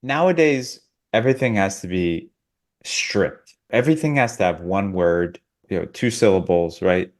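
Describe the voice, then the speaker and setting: A man's voice: sits low, moderate pace. A man co-hosting a podcast, ranting casually in a sardonic, absurdist way. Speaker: podcast co-host.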